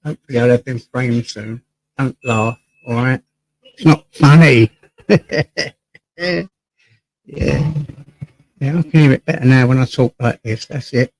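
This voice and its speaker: With frequent pauses and a slightly slow pace, an English man in a mid-range voice hosts a relaxed home live stream, reading chat and welcoming viewers by name. He sometimes strays from his desk mic, and the dry recording is low in quality.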